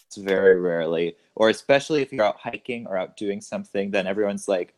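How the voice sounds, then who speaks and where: A man's voice: on the low side, quick pace, hardly any pauses. A man from California chatting casually as a podcast co-host, telling stories. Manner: storytelling, plays at accents. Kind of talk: casual chat.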